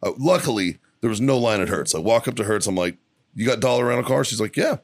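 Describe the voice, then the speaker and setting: A man's voice: mid-range voice, animated, quick pace, no echo. A man co-hosting a casual podcast, telling rambling, profane stories about his weekend from a studio. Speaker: podcast co-host. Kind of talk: casual storytelling chat.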